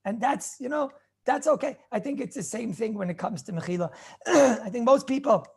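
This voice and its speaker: Gravelly, husky rabbi teaching a class. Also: male voice, very high voice, normal speed, darkish tone. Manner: rambling, repeats words and restarts phrases; chatty, mixes Hebrew and Yiddish terms into English. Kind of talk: informal Torah class on Jewish law.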